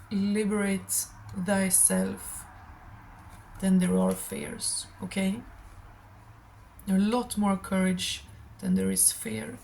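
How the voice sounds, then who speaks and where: A woman's voice: mid-range voice, gravelly, dark tone, a little hiss or hum, rough recording. Shaky, impassioned woman tarot reader. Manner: emotional, blunt and impassioned, calls listeners darling. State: shaky and nervous. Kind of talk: channeled tarot reading to viewers.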